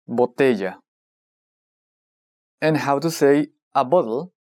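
A narrator running a scripted language lesson, prompting the listener and modelling each word slowly and deliberately. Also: medium pitch, a little mellow.

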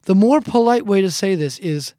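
Woman, language teacher, slow careful repetition, dry close-miked sound. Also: mid-range voice, lively intonation, warm tone, dry recording. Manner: slow, deliberate repetition of phrases. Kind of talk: scripted language lesson.

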